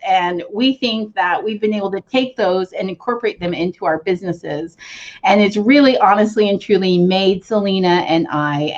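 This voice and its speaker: A woman's voice: mid-range voice, muffled recording. A woman co-hosting a casual video chat, tearing up as she pays tribute to her mother. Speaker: co-host.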